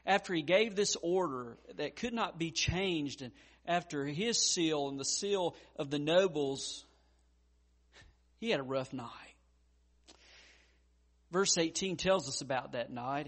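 A male pastor preaching a sermon, with frequent stammered restarts and wide swings between loud urgency and hushed tenderness. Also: a little high.

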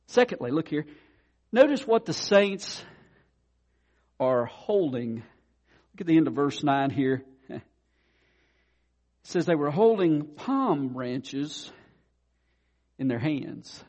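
A man preaching a sermon, swinging from quiet asides to loud declarations. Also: high voice, animated, a little slow, long pauses. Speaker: pastor.

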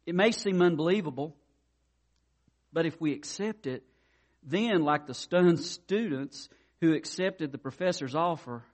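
Man preaching, conversational storyteller, talks straight to the congregation, voice a bit on the high side. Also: measured pace. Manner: conversational storytelling preacher, addresses listeners directly. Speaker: pastor. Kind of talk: sermon.

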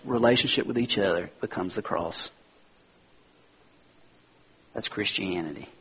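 A male pastor preaching a sermon with passion, swinging from loud urging down to a near whisper. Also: mid-range voice, slightly rough, rough recording.

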